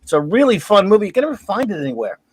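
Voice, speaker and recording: A man's voice: high voice, big pitch swings, rapid-fire, slightly rough, no room sound, rough recording. A man chatting as a guest about films, eagerly recommending a favourite. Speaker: guest on a review show. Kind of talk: casual film chat.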